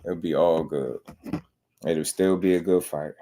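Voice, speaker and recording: Deep-ish guy w/ aave doing boxing talk, blunt, slangy, gets heated. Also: steady tone, a little slow, mellow. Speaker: boxing show host. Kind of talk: casual commentary.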